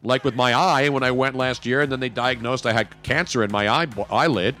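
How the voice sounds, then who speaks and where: A man hosting a radio talk show, joking and animated in casual banter. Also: medium pitch, fairly quick, soft background music. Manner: animated, jokey, talks over co-host.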